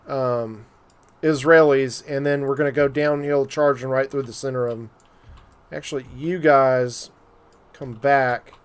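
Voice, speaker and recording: A man giving loose, joking commentary while live-streaming a strategy game, with frequent fillers and asides to his viewers. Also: mid-range voice. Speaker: gaming streamer.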